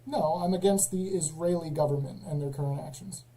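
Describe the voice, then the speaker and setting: A man's voice: fairly high pitch, a little fast, over a noisy crowd, poor audio. A man hosting a live call-in stream, questioning callers in a dry, sarcastic way. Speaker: livestream host. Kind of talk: casual live call-in chat.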